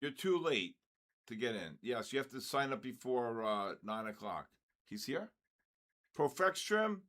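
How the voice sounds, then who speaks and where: A man's voice: lowish voice, lively intonation, moderate pace. An older man hosting a live trading stream, calling out viewers' names with joking exasperation. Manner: exasperated, joking, calls names in a loud sing-song. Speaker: trading session host.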